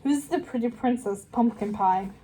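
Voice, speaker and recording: A woman's voice: on the high side, normal speed, warm tone, natural voice, low-quality recording. A woman voicing a dim, vain young servant girl in a storybook reading, chattering dreamily to herself. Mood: dreamy.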